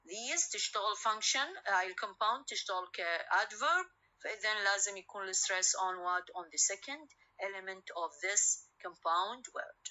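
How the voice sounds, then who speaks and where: A woman with an Iraqi Arabic accent lectures on English phonetics in a very bright voice of middle pitch. She pauses on fillers, asks her class questions and answers them herself, and repeats her points in Arabic. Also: rough recording. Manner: hesitant, many fillers. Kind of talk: university lecture.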